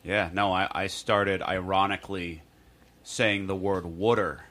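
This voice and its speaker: Low-voiced man with wry quips. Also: little pitch movement, a little slow, pushed and bright. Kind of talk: casual podcast chat.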